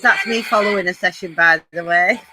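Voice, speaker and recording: A woman running a spirit box session, asking questions out loud and reacting with excitement. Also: on the low side, a little fast. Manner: excited, asks questions aloud. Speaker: paranormal investigator. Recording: phone recording with radio static behind. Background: spirit box radio static.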